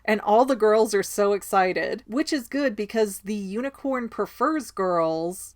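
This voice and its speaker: A woman hosting a casual book discussion podcast, summarizing in a chatty way with quick asides. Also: mid-range voice. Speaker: podcast host.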